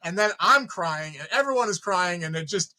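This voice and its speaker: A man, a filmmaker guest, telling animated stories in casual chat, swearing freely and acting out his own reactions. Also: high voice, moderate pace, low-quality recording. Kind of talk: casual storytelling.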